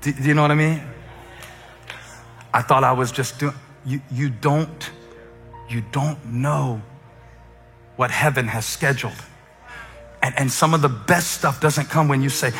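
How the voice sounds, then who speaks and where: A man preaching a sermon as a humorous, conversational story, with fillers and quick asides. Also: medium pitch, a bit bright. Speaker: pastor. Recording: echoey hall with faint music.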